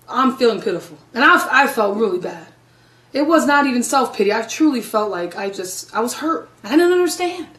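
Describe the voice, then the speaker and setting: A middle-aged woman evangelist with a high voice tells her testimony in a sermon, her delivery swinging between loud, dramatic stretches and soft, hushed ones. The sound carries a roomy echo. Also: far from the mic. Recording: echoey room.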